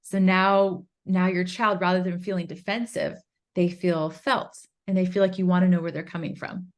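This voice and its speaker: A woman in her thirties explains a parenting method as an interview guest, earnest and steady. Now and then she slips into soft, gentle phrases a parent might say to a child. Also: fairly low pitch, moderate pace. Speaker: guest, author and curriculum instructor.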